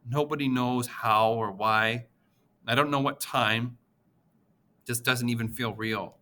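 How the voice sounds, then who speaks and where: A man narrating an audiobook in the first person, with an expressive, emotional reading. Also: mid-range voice, unhurried.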